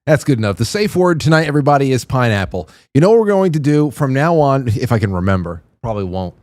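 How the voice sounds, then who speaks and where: A male host comments on viral clips in a wry, amused way, his voice rising and falling with plenty of life. His pitch sits in a middle range. He is recorded dry and close. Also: big pitch swings, fast, a little mellow, no room sound. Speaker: show host. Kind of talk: casual commentary on video clips.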